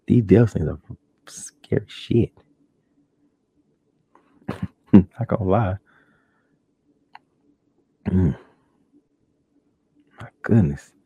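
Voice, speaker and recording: A man's voice: extremely slow, vocal fry, pauses often, breathy edge, no echo. A man hosting a casual solo podcast, telling stories animatedly and acting out shocked reactions. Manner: animated storytelling, acts out shocked reactions in high voice. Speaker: podcast host. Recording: dull lo-fi dry home recording.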